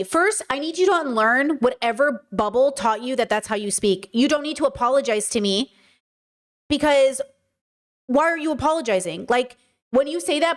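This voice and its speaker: A woman with a bright, high voice streams live commentary, talking straight to her chat. She is emphatic and casual and piles up rhetorical questions. She often lands on the same point twice. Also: lively intonation, moderate pace. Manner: casual, addresses viewers as girlies. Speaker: streamer reacting to videos. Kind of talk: livestream commentary.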